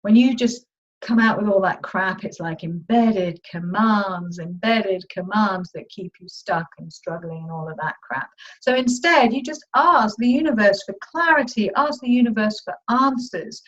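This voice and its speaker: A woman's voice: mid-range voice, a little slow. A woman coach leading a live online masterclass in a chatty, upbeat, informal manner. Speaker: money mindset coach. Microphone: video call. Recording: dull lo-fi video call audio.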